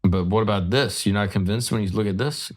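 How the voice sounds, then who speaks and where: A man on a podcast, reading bits of articles aloud and commenting wryly. His voice is low and easy. The talk is loose and casual. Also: brisk. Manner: reads articles aloud, wry. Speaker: podcast co-host. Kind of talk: casual chat.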